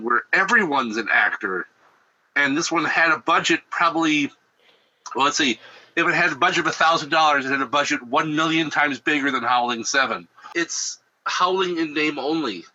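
A man's voice: mid-range voice, pushed and bright. A man on a film review podcast panel, blunt and mocking, who swears while he gives his verdict. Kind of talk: casual film review chat. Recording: muffled lo-fi audio.

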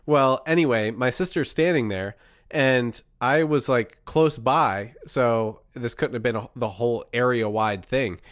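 Young male co-host, remote call, dry and close, animated storyteller acting out the quotes. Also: mid-range voice, measured pace, dry recording. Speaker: podcast co-host. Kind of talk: casual chat, telling a personal ghost story.

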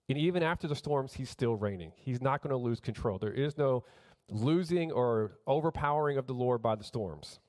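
A middle-aged pastor preaches a sermon with earnest conviction, his voice at an ordinary middle pitch with a darkish tone. He speaks expressively at a normal speed, repeating phrases for emphasis and often restarting sentences mid-thought.

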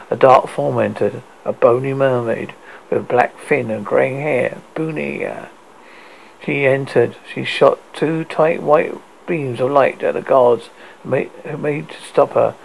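Gravelly man reading a story aloud. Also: mid-range voice, unhurried, slight background noise, poor audio. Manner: stumbling, frequent restarts.

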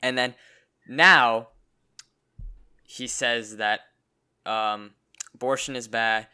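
A man's voice: medium pitch, steady tone, very slow, bright, forceful tone, clear, resonant tone. A young man in casual chat as a podcast co-host, stammering and restarting his sentences often.

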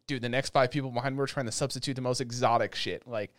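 A man co-hosting a podcast, telling a long animated rant in casual chat. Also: mid-range voice, quick pace, no room sound. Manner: animated ranting storyteller. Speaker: podcast co-host.

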